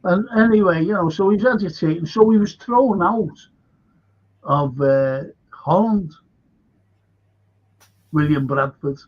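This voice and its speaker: A man's voice: sits high, slow, long pauses, muffled recording. A man with a Liverpool accent, a local historian telling rambling history anecdotes in a livestream chat and acting out the people in his stories. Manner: rambling anecdotes, acts out quoted voices.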